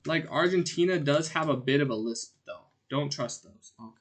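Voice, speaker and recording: A man streaming a game, chatting casually and rambling in a jokey way, with sudden loud outbursts as he answers his chat. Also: on the high side, normal speed. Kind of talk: casual gameplay commentary.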